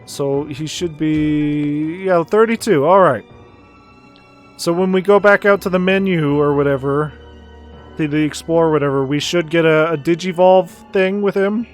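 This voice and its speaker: A man's voice: a little high, unhurried, faint music behind. A man streaming a video game, reading the dialogue aloud and joking in casual commentary, with some swearing.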